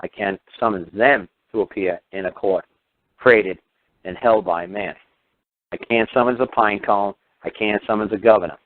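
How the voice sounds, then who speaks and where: There's a little hiss or hum behind this radio host's lowish voice as he talks at a moderate pace. He rants heatedly, shooting off sarcastic rhetorical questions along with some swearing. The recording sounds like tinny radio over a phone line.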